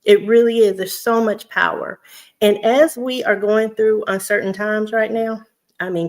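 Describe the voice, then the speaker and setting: A chatty woman talks straight to her online viewers in a casual vlog. Her voice sits at an everyday middle pitch. She laughs often and leans into the conversation as if talking with friends. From Houston, Texas. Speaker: vlogger.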